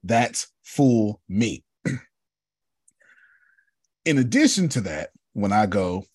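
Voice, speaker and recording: A bishop teaches on a video call in a low, husky voice that swings widely in pitch. He is emphatic, repeats his points and calls on listeners by name. The sound is close and dry. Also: sing-song, slow pace, pauses often, a little mellow, dry recording. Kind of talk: animated teaching talk.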